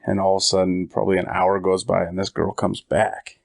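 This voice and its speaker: Male podcast host, gravelly low voice, loose comic storyteller who plays the characters. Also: completely flat delivery, a little fast, no room sound, studio quality. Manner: rambling, acts out quotes in voices. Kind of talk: casual comedic storytelling.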